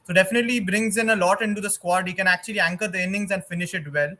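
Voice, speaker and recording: A man's voice: sits high, steady tone, racing, pushed and bright. A man, a fan guest talking eagerly and leaning on "like". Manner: eager, keeps saying like. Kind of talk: casual chat.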